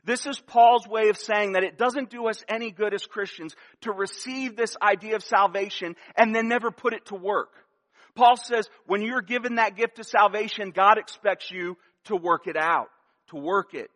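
A high, bright-toned man delivers a sermon from the pulpit. He preaches earnestly, pressing each point and circling back to repeat it. His voice rings out with a long reverb tail in a church hall. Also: moderate pace. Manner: earnest, emphatic preaching with repeated key phrases. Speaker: pastor.

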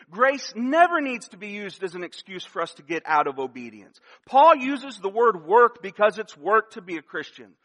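A high, bright-toned man delivers a sermon from the pulpit. He preaches earnestly, pressing each point and circling back to repeat it. His voice rings out with a long reverb tail in a church hall. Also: sing-song, normal speed, few pauses. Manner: earnest, emphatic preaching with repeated key phrases. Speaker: pastor.

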